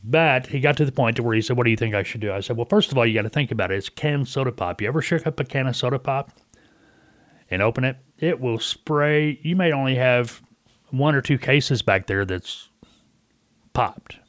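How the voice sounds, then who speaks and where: A man's voice: medium pitch, normal speed, a bit bright, no echo, clean studio sound. A middle-aged man hosting a casual talk radio show, telling a folksy story and acting out a caller's lines.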